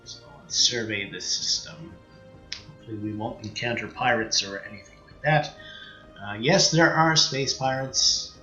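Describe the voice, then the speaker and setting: Commentating on his strategy game, a Canadian-accented male let's play streamer rambles casually, thinking aloud through fillers and sentences that trail off unfinished. His medium-pitched voice is sharp at normal speed, with an echoey room, dull audio and faint music in the background.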